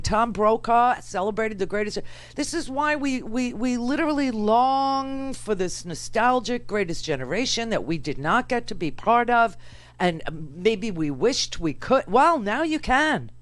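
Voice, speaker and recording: A woman's voice: a little high, dry recording. Sarcastic woman talk radio host. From New York. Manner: animated, sarcastic, rambling asides. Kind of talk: political talk radio commentary.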